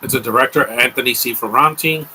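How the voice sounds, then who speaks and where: Young male commentary host, bright sharp voice, casual opinionated rambling. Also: medium pitch, fast talker, a little hiss or hum, poor audio. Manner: offhand, rambling, opinionated asides.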